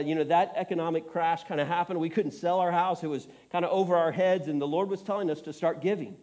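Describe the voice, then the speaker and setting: A man's voice: a little high, warm tone. A middle-aged man preaching a sermon, telling stories earnestly with self-deprecating humor, choked up and tearful. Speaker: pastor.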